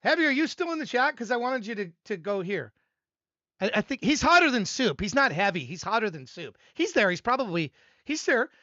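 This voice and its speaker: A man's voice: high-pitched, very animated, fairly quick, sharp tone, no room sound, highs cut off. An older man hosting a live stream, rambling and self-deprecating, laughing often as he talks to his chat. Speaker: livestream host reviewing music submissions. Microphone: desk microphone.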